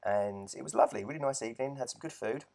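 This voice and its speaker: A man's voice: mid-range voice, fast, gravelly, darkish tone. Earnest man telling his story. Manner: earnest, reflective, with frequent restarts. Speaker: abuse survivor vlogger. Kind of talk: personal storytelling monologue.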